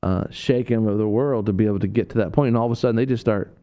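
A man hosting a Christian radio talk, telling stories in a rambling way with many fillers and restarts, and acting out quoted people in a sudden high voice. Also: quick pace, warm tone, smooth. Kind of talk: preaching talk on a radio show.

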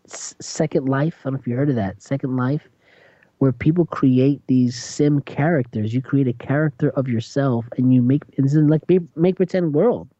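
A radio host talks in a loose, chatty way, telling stories and jumping into high voices for quotes. The voice is very dark and mellow, and it sounds close and dry. The studio sound is slightly dull. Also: no room sound. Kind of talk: casual talk-radio monologue.

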